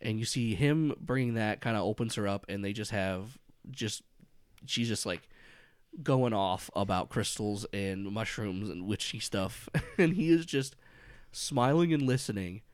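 A man's voice: on the low side, measured pace, clear, resonant tone, dry recording, clean studio sound. A man running a tabletop horror game as game master, narrating casually with lots of fillers and frequent laughs. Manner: rambling, laughs often, many fillers.

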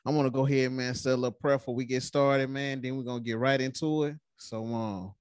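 A man hosting a casual faith podcast, leading a prayer and reading scripture with animated, preacherly emphasis, filling his sentences with "man". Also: mid-range voice, fast talker, clear, resonant tone, no echo, studio quality. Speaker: podcast host.

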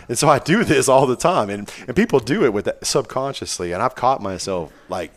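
A man's voice: medium pitch, animated, a little fast, background noise. A man hosting a podcast, chatting casually on a microphone with headphones, rambling and joking as he tells stories. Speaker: podcast host. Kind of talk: casual chat.

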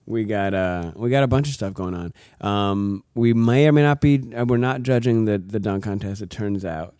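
A man's voice: on the low side, normal speed, a little mellow, no room sound, clean studio sound. A man hosting a casual show, joking loosely with lots of fillers. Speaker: podcast host. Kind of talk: casual chat.

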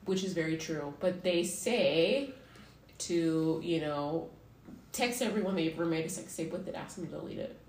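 A woman's voice: low voice, normal speed, a little mellow. A woman hosting a podcast in casual chat, laughing often and swearing freely. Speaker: podcast host. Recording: roomy echo with faint noise.

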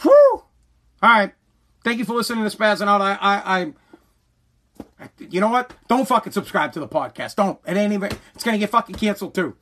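Guy ranting solo on his podcast, high bright voice, swearing a lot, keeps tripping over words. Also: brisk. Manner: profane, agitated ranting with repeated stammers. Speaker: podcast host.

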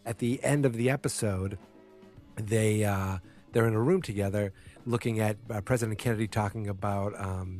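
Rambling, low-voiced man recapping casually. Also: darkish tone. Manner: rambling, filler-heavy, self-correcting; blunt, opinionated. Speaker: TV episode recapper.

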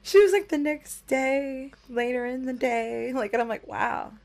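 High-voiced, crude, teasing young woman. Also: normal speed, over a noisy crowd. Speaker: podcast host. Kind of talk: casual chat.

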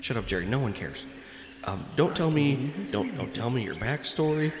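A man voicing a gruff, dismissive old grandfather who booms down from the sky in a tabletop game. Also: lively intonation, normal speed, roomy sound, big-room sound, noisy background, natural voice. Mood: bossy. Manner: bossy, dismissive.

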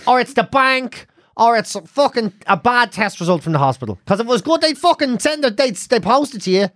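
A man's voice: very high voice, expressive, a little fast, a bit bright, no room sound, studio quality. An Irish man co-hosting a podcast, talking bluntly in a sweary, ranting way. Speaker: podcast co-host. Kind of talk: casual chat.

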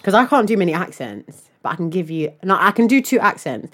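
A woman's voice: fairly low pitch, sing-song, fairly quick. A woman co-hosting a podcast, teasing and laughing through casual chat. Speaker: podcast co-host.

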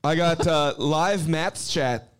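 An Australian man on a live party podcast, dropping short, crude, deadpan quips. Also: fairly high pitch, takes it slowly, smooth. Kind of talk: rowdy live podcast banter.

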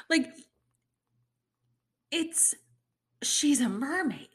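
A woman's voice: medium pitch, pushed and bright. A woman giving her opinions in casual talk, emphatic and exasperated, often laughing in disbelief.

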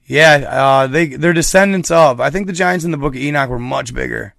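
A man's voice: fairly high pitch, brisk, vocal fry, fairly bright tone, no room sound, clean studio sound. A man talking casually with his viewers, telling a rambling story full of slang. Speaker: streamer chatting with viewers. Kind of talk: casual chat.

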